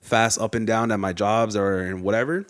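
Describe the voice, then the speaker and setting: A man's voice: fairly low pitch, steady tone, moderate pace. A young man hosting a podcast, chatting casually in a slangy, rambling storytelling way. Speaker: podcast host. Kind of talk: casual chat.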